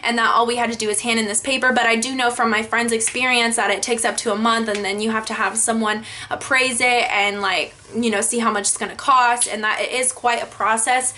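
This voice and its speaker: Bright, high-voiced young woman vlogging. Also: fairly quick, few pauses. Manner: animated, frequent swearing, many filler likes. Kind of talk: storytime vlog.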